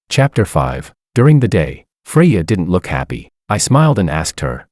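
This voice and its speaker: A man with a deep voice narrates a first-person story, smug and amused. His delivery rises and falls in a lively way. The recording is close and dry. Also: normal speed, hardly any pauses, no echo.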